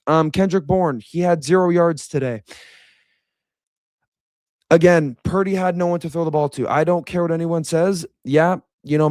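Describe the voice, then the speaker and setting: A young man giving a blunt, animated reaction rant as a fan commentator. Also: fairly high pitch, no room sound, clean studio sound. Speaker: sports commentator.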